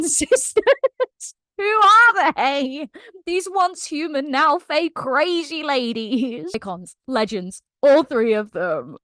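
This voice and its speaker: Young woman, high voice, dry close sound, excitable book recap. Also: dry recording. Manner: animated, laughing, heavy use of "like". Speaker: book vlogger.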